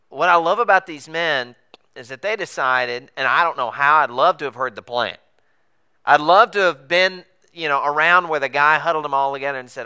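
A man preaching with a bright, ringing voice that cuts through cleanly. He tells the story with animated energy and jumps up and down in pitch as he acts out the characters' lines. His voice sits a bit higher than most men's. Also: clear, resonant tone. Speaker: pastor. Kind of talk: sermon.

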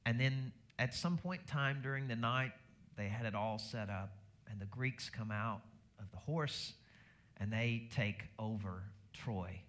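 A middle-aged man preaching a sermon at a medium pitch. He talks in a plain, conversational way and then climbs higher and louder to press his points. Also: a little slow. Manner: conversational preaching with lively rises in pitch and volume. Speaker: pastor.

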